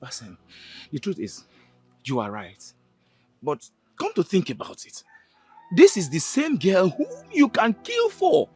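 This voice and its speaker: A man's voice: high-pitched, huge pitch swings, measured pace, a little mellow, husky, exaggerated voice. An actor with a Nigerian English accent playing a defensive young man who pleads his innocence to friends in a film scene. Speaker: accused friend. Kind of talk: Nollywood film acting. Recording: film audio with background music.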